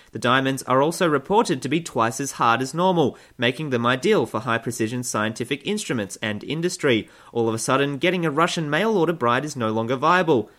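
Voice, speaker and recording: Sarcastic man reading satirical news. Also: mid-range voice. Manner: sarcastic, mock-cheerful deadpan. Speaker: comedy news host.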